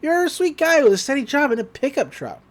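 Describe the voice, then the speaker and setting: A laid-back teenage girl speaks bluntly and casually, as a podcast host puts her on. The pitch moves around lively. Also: fast.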